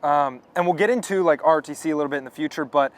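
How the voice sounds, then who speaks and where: Casting: young male student host, fairly high voice, quick and upbeat. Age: young adult. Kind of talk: podcast interview hosting.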